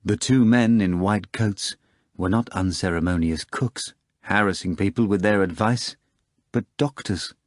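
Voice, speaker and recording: Here a low-voiced man narrates an audiobook from a script, keeping his storytelling steady and measured. The studio-quality audio carries no echo.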